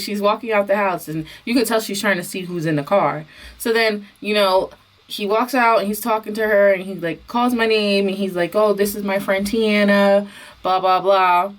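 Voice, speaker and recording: A bubbly young woman chats through a personal story for her vlog, her voice sitting at an ordinary middle pitch. She talks casually, with plenty of fillers and quick asides. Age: young adult. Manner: bubbly, animated, many fillers. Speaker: vlogger.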